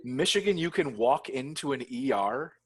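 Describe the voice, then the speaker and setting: A man's voice: medium pitch, lively intonation, moderate pace, husky, low-quality recording. A man co-hosting a casual chat, joking and laughing often. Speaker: pastor, podcast co-host.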